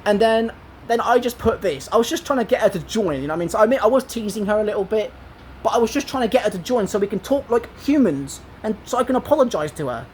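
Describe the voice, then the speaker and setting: A man's voice: high voice, expressive, fast talker, a little mellow. Brief: male gamer storyteller, casual rambling delivery, faint hiss under the voice. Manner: rambling, with many fillers and restarts. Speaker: gamer telling a story to viewers.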